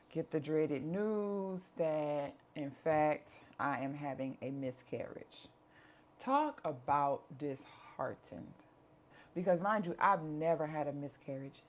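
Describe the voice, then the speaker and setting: A woman in her thirties giving a candid personal life update from home, talking conversationally and repeating herself. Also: low-pitched. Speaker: vlogger.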